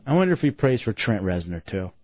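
Jokey male radio host, lively voice. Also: lowish voice, fast, slight background noise. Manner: jokey, teasing. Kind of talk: radio talk. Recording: dry, dull lo-fi radio sound with faint music.

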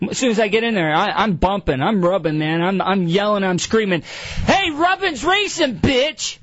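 High-voiced man in eager radio banter. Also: fairly quick, no echo. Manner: eager, defensive about his hobby. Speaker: radio show co-host. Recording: dull lo-fi radio recording.

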